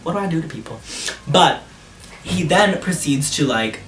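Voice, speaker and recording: A man's voice: on the high side, animated, normal speed, a bit bright, reverberant, far from the mic. A young man vlogging a storytime, casual and blunt, swearing freely, recorded on a camera mic. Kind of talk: storytime vlog.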